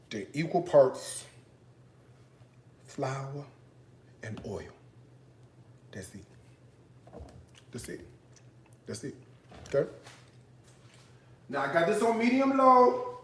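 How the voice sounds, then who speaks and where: A man's voice: fairly high pitch, big pitch swings, takes it slowly, pauses often, echoey room. Playful man hosting a casual cooking chat. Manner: playful, teasing, talks straight to the chat. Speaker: cooking show host.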